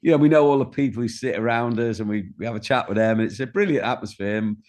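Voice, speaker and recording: A middle-aged man, a guest in an interview, telling stories in a warm way and often repeating words as he starts a sentence. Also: medium pitch, quick pace. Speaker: guest, singer-songwriter. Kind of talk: candid interview chat.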